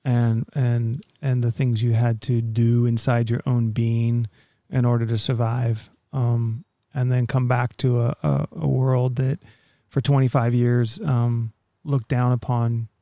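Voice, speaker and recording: A male interviewer with a gravelly, mellow voice asks long, winding questions, restarting as he hunts for the right words. The sound is close and dry. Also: medium pitch, little pitch movement, a little slow, no echo.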